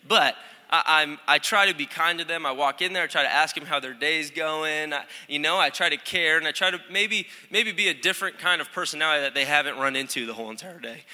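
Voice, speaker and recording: A man's voice: fairly high pitch, fast talker, sharp tone. A young man, a student pastor, preaching a casual, self-deprecating sermon in a church while stuffed up with allergies. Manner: chatty, self-deprecating, lots of restarts. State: congested, stopped-up nose. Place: church sanctuary. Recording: long hall reverb.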